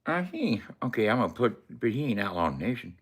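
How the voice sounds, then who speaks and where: A man's voice: on the low side, big pitch swings, brisk, slightly rough. A man in casual, profane chat who laughs and coughs between lines and walks the viewer through his screen step by step.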